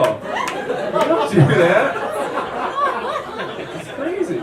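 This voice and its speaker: A young male stand-up comic with a slightly raised voice, animated and acting out the people in his stories. He is picked up from a distance in a roomy club, with loud noise under everything. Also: normal speed, long pauses, a crowd in the background. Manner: animated, acts out quoted voices, jumps high for punchlines. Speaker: stand-up comedian. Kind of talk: stand-up comedy set. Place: comedy club stage. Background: audience laughter.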